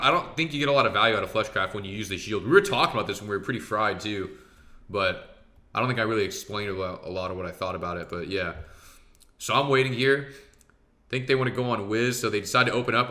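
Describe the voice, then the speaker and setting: A man giving a casual, excitable commentary on his own match, swearing freely and talking straight to his viewers. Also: lowish voice. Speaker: professional arena player reviewing his match.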